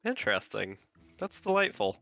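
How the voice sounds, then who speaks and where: A man's voice: fairly low pitch, very animated, moderate pace, creaky, muffled recording, music in the background. A man playing a tabletop game, speaking in a hesitant, wry way as he decides his character's actions. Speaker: player. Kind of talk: casual tabletop chat.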